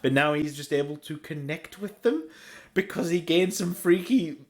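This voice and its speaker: A man's voice: a little high, expressive, moderate pace. A middle-aged Australian man co-hosting a podcast, rambling eagerly like a comic-book fan in casual chat. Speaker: podcast co-host.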